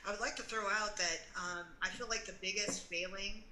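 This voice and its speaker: Bright, emphatic woman on a roomy call. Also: mid-range voice, steady tone, fairly quick, slight background noise. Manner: earnest, emphatic, makes her point firmly. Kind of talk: casual political discussion. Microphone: video call.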